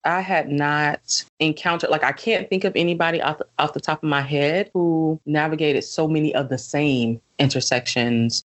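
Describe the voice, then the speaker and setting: A woman's voice: sits low, moderate pace, hardly any pauses. A woman hosting a podcast, chatting casually and easily with lots of fillers. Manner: relaxed and conversational, with many fillers. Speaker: podcast host.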